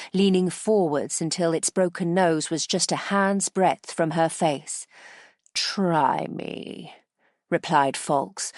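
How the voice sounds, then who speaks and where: Low-voiced woman narrating slowly. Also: dry recording, studio quality. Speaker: audiobook narrator. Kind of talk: scripted narration.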